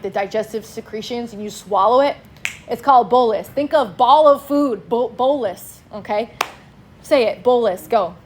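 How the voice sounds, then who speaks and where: A woman's voice: a little high, darkish tone, slight background noise. A woman teaching a class in a casual, chatty way, prompting students to answer back. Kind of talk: classroom lecture.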